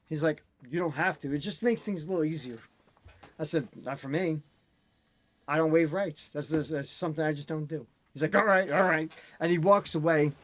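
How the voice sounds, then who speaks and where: A man in casual chat, telling an animated, ranting story as host. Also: on the high side, normal speed.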